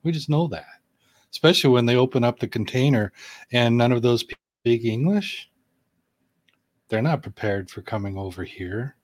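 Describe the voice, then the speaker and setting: A man co-hosts a casual conversation, reflective and unhurried in how he thinks aloud. His voice is mid-pitched, and the recording is dry and close. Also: expressive, darkish tone, no echo. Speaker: co-host. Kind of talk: casual interview chat.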